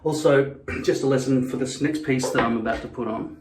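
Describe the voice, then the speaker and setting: A man's voice: mid-range voice, a little fast, noisy background. A man vlogging casually to camera, blunt and profane, wandering into rambling asides. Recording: echoey room.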